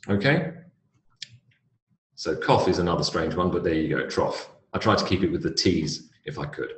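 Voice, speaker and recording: A man with a British accent gives a recorded English pronunciation lecture, spelling words out letter by letter in a clear, deliberate way. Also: deep voice, animated. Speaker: English teacher. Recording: roomy echo.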